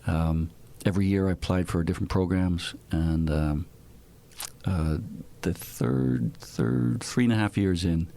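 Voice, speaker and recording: Gravelly, warm, and deep, this voice belongs to an Irish-accented man from Ireland in his fifties who speaks at a measured pace. He is a guest in a laid-back interview, telling anecdotes in a chatty way, and the recording carries a bit of hiss or hum.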